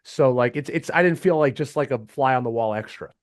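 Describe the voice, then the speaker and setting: A man guesting on a podcast, telling stories in a casual, animated way, often acting out what others said and laughing. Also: mid-range voice, fairly quick, dry recording, studio quality. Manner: animated, acts out quotes in changed voices. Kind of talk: casual storytelling interview.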